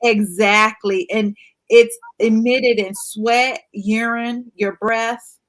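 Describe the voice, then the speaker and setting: A woman's voice: a little high, fairly even intonation, slow pace, fairly bright tone. A woman guest in casual chat, explaining with confident emphasis.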